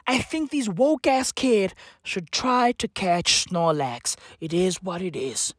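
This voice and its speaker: A woman's voice: on the low side, slow pace, dry recording, studio quality. A woman delivering a profane comedic rant full of slang and repeated catchphrases.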